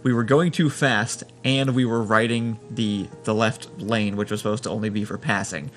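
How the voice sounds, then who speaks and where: A man's voice: fairly low pitch, steady tone, normal speed, a bit bright, faint music behind. Wry man telling an anecdote. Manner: wry, laughs while telling. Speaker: podcast co-host. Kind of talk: casual storytelling chat.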